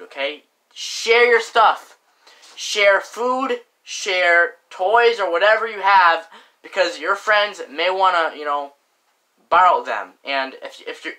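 In a high, sharp voice, a young man vlogs an indignant, casual rant straight to camera, packed with fillers and mild swearing. "Frickin'" and "like" come up again and again, and the recording is low quality.

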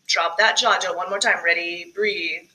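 Amid very noisy sound, a woman with a fairly low, steady voice speaks a little fast while coaching a virtual choir from a solo recording. She covers diction and breathing, demonstrating with short sung phrases between tips.

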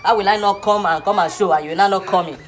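A man's voice: sits high, fairly even intonation, fast talker, crowd noise. A man with a Nigerian accent playing a comic teacher in a skit. He lectures mock-earnestly, chuckles as he talks, and keeps asking whether the class is following.

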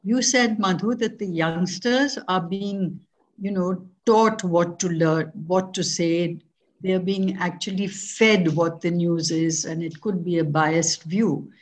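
A woman's voice: lowish voice, slow pace, low-quality recording. A woman moderating a podcast panel and putting questions to the guests. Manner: probing, conversational questions.

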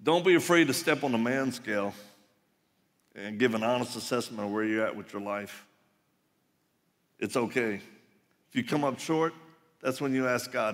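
Middle-aged guy preaching, gravelly voice, joking and emphatic, long hall echo. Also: medium pitch, measured pace, long pauses, a bit bright. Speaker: conference speaker. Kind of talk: live sermon with personal storytelling. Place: large conference hall. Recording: reverberant live hall.

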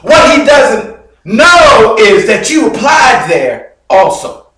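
A man preaching a sermon as a bishop, telling a story dramatically with loud bursts and sudden low drops. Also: big pitch swings, takes it slowly, slight background noise. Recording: very echoey hall, mic far off.

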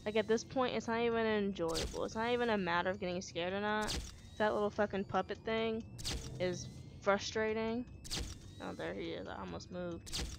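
A woman's voice: mid-range voice, moderate pace, vocal fry, noisy background. A woman hosting a let's play, talking in an exasperated, slangy way full of swearing. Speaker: gaming channel host.

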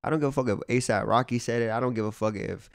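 A man's voice: mid-range voice, quick pace, creaky, no room sound, clean studio sound. A man talking casually to camera as a fashion vlogger, in loose, profane slang with lots of "you know what I'm saying.". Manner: laid-back, profane slang-heavy street talk.

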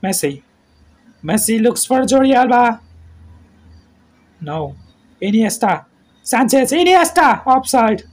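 A man calls a football match play by play in a high voice. He talks slowly and keeps it terse, mostly just naming players as the ball moves. At the big moments he shouts. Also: expressive. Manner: terse name-calling play-by-play, shouts at goals. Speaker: football commentator.

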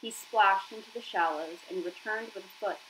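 A woman narrates a children's novel aloud with expressive storytelling. Her voice sits at a middle pitch for a woman, with a faint noise floor in the background. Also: moderate pace, poor audio.

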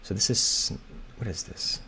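A man's voice: a little slow, sharp tone, a little hiss or hum. A man thinking aloud as he solves a crossword, hesitant and muttering, often turning his guesses into questions. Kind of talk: thinking aloud while solving.

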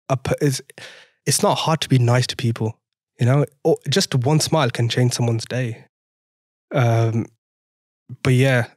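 A man's voice: medium pitch, darkish tone, no room sound, clean studio sound. A young man with a French accent, telling his story as a podcast guest, laughing often and acting out conversations. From France. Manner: laughs often, re-enacts dialogue animatedly. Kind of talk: casual storytelling interview.

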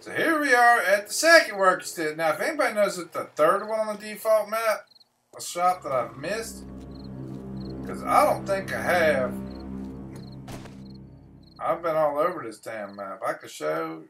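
A man's voice: high voice, expressive, unhurried, pauses often, bright, forceful tone, far from the mic, faint music behind. A man giving casual gameplay commentary, grumbling and swearing to himself as he plays. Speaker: gameplay streamer.

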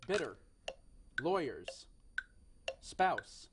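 A man's voice: fairly high pitch, big pitch swings, very slow, noisy background. A young man hosting a game show in a TV studio, with upbeat patter and frequent self-corrections.

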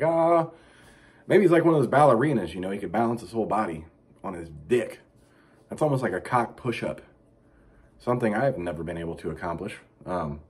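A middle-aged man delivering a crude, rambling comic monologue as a vlog host, profane with deadpan asides. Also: fairly low pitch, slightly rough.

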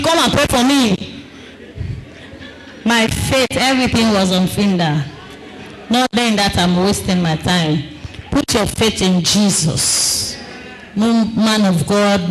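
A woman giving a personal testimony to a congregation in an earnest, storytelling way, acting out the quoted dialogue and slowing down for emphasis. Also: fairly high pitch, a bit bright, slight background noise, rough recording. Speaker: testifying church member.

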